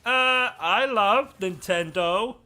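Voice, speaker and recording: A man's voice: sits high, takes it slowly, pushed and bright, a little hiss or hum, exaggerated voice. A man playing a meek, dim sidekick who speaks hesitantly and mildly. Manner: hesitant, mild, starts with fillers. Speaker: sidekick co-host.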